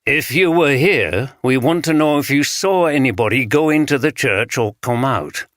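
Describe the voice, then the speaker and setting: A kindly police detective who speaks gently and reassuringly, read by a male audiobook narrator. The voice is bright and clear, recorded dry and close. It stays near the narrator's own tone. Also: mid-range voice, expressive, normal speed, no echo, pitched above the performer's own voice, natural voice. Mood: gentle.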